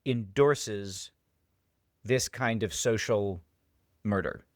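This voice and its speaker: A man's voice: lowish voice, extremely slow, no echo, clean studio sound. An American man co-hosting a podcast, talking emphatically and stressing key words. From Massachusetts, USA. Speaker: podcast co-host. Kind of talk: casual discussion.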